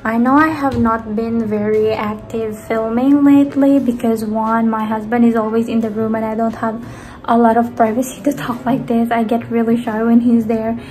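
A young woman from the Philippines vlogging casually at home, rambling and chatty, often trailing off softly. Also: a little high, fairly even intonation, moderate pace, faint music behind. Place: indoors at home.

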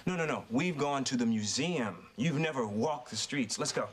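An actor playing a playful, eager sitcom father who talks in an animated, joking way. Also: mid-range voice, moderate pace, a little hiss or hum, natural voice. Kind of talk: sitcom acting. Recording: TV audio with studio audience laughter.

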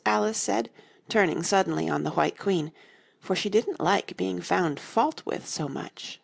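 A woman reading a classic children's story as an audiobook narrator, measured and expressive. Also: sits low, gravelly, husky. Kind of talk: scripted narration.

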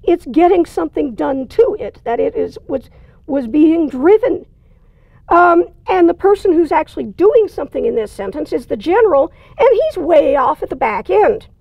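A woman's voice: high-pitched, very animated, normal speed, vocal fry, dry recording, highs cut off. A woman teaching a writing lesson, explaining in a plain, conversational way with dry asides. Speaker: writing instructor. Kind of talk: recorded lecture.

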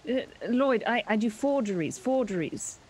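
A woman's voice: fairly high pitch, lively intonation, moderate pace, a little mellow, rough recording. A woman voicing a cagey, well-travelled female forger who speaks hesitantly and evasively. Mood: frank.

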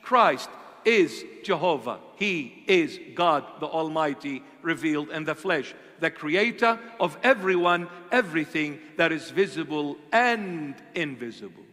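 A bishop delivers a sermon in a high-pitched, bright, sharp voice, speaking slowly with lively intonation. He presses listeners with rhetorical questions, swinging between fiery and hushed, as a long church reverb trails every phrase.

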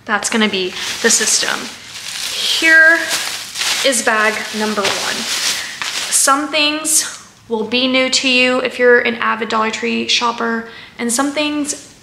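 A woman's voice: fairly high pitch, unhurried, creaky, echoey room, background noise. A woman chatting casually through a haul vlog, rambling with fillers and asides as she sorts items. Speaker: haul vlogger.

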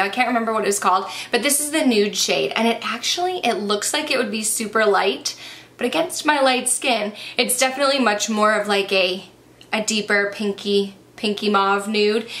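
A woman's voice: fairly high pitch, bright, forceful tone. Chatty young woman, a little breathless. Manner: chatty, enthusiastic. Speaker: beauty vlogger. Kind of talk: casual makeup review.

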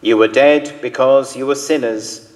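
Male lector, solemn scripture reading, very slow, long church reverb. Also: mid-range voice, steady tone.

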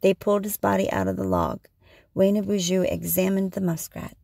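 A woman reading a storybook aloud in a slow, measured way. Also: medium pitch, big pitch swings, vocal fry, dark tone, no room sound, studio quality.

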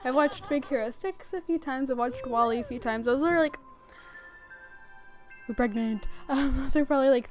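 A young woman talks through her game in a loose, chatty way, rambling from one thought to the next and often laughing. Her voice is smooth and clear and sits a little higher than most. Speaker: gaming channel host. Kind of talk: casual game commentary.

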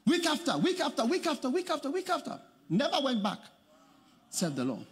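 Animated man preaching. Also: very high voice, fairly quick, in a large hall. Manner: animated preaching, shouting and laughing. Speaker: pastor. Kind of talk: sermon.

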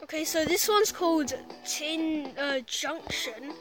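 A woman commenting on a physics game she is playing, excitable and teasing, trash-talking the crash dummy on screen. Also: high voice, slow. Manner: excitable, shouts and trash-talks the game character. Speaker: gameplay commentator. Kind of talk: excited let's-play commentary. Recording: loud game music behind.

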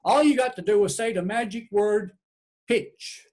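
A man's voice: sits high, a little slow, darkish tone. Man putting on a bossy Newfoundland witch. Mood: explaining. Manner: chatty, tacks a folksy "my son" onto orders. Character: meddling old woman witch, helpful and bossy.

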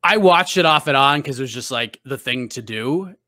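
A man's voice: mid-range voice, lively intonation, moderate pace, pushed and bright, no echo, studio quality. A man with a Boston accent, a guest on a podcast, telling stories in a chatty way with lots of restarts and fillers. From New England, US. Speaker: guest, MMA reporter. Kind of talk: casual podcast interview.

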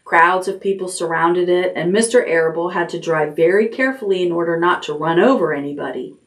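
Woman reading a bedtime story aloud. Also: fairly quick. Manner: gentle storytelling, lifts pitch for character lines. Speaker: children's librarian reading aloud. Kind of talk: bedtime chapter book read-aloud.

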